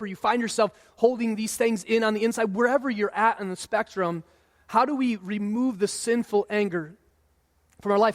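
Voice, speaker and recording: A man in his thirties preaching a sermon in a relaxed, conversational way, sometimes acting out what people say. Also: high-pitched. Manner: conversational preaching, acts out quoted voices. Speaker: pastor. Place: church sanctuary. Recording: long hall reverb.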